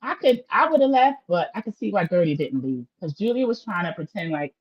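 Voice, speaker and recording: A woman's voice: medium pitch, expressive, fairly quick, husky, muffled recording. A woman hosting a casual livestream recap of a reality show, chatty and opinionated, talking straight to her viewers.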